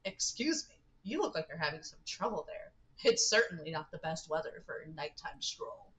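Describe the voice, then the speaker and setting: A woman voicing a jovial middle-aged man who offers a ride, in a polite, slightly lowered voice. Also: big pitch swings, moderate pace, fairly bright tone, far from the mic, poor audio. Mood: courteous. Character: jovial middle-aged male stranger in a car.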